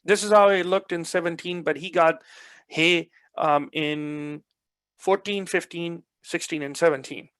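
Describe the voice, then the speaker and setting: A man's voice: on the high side, steady tone, unhurried, a bit bright, smooth, dry recording. A man giving an extension lecture, explaining field trial results in an explanatory way, often repeating words for emphasis. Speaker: soil health extension specialist. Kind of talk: presentation lecture.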